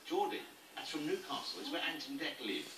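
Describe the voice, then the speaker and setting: High, lively man bantering in an echoey room. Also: fairly quick. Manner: teasing, laughing often. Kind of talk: playful studio banter. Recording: echoey, distant, loud background noise.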